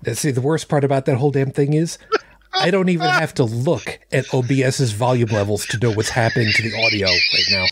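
A man's voice: medium pitch, a little fast, fairly bright tone, slightly rough, no room sound. A male podcast host chatting casually in a wry, joking way. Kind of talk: casual chat.

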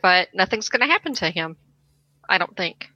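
Bright, outspoken woman in a chat. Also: on the low side, expressive, normal speed, no room sound, muffled recording. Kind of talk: casual chat.

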